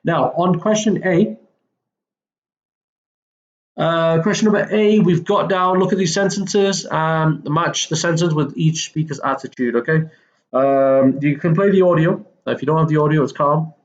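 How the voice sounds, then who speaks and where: A man's voice: fairly high pitch, measured pace, dull audio. Casual man teaching an English lesson. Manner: casual, with frequent fillers and self-corrections. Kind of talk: recorded textbook lesson walkthrough.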